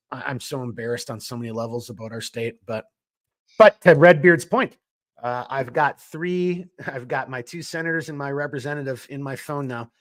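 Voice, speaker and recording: A man's voice: medium pitch, a bit bright. A man from Minnesota co-hosting a podcast, talking bluntly and swearing as he rants in casual political chat. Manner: blunt, swears, worked-up ranting. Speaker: podcast co-host; small business owner.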